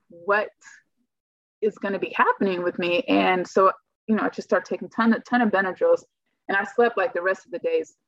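Woman telling her story, lots of likes, mid pitch, muffled dry sound. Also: fairly bright tone, no room sound. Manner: rambling, heavy use of "like" fillers. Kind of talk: casual personal storytelling.

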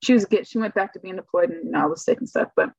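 A woman's voice: fairly low pitch, racing, creaky, a little mellow, husky, no room sound. A woman telling a personal story in casual, rambling speech, full of "like" fillers, on a slightly muffled recording. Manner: rambling, heavy use of "like" fillers. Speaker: guest telling her story.

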